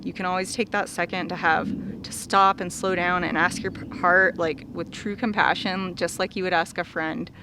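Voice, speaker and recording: A woman's voice: on the low side, fairly even intonation, normal speed, few pauses, background noise. A young woman vlogger talking earnestly and casually to her viewers, with lots of fillers and small laughs. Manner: earnest, many "like" fillers, laughs between thoughts. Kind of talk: casual heartfelt talk to viewers.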